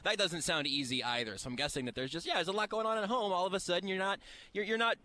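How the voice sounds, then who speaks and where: Guy hosting radio from a busy event floor, talks real quick, kinda high voice, some noise behind. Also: bright, forceful tone. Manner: rapid, eager talker with stammered restarts. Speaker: radio show host. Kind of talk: casual radio chat.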